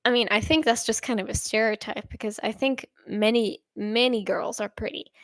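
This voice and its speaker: A woman's voice: fairly high pitch, fairly even intonation, moderate pace, a bit bright, dry recording, clean studio sound. Hesitant nineteen-year-old woman, Swedish native speaker. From Sweden. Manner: hesitant and rambling, with many fillers and restarts. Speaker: streamer. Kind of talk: casual livestream chat.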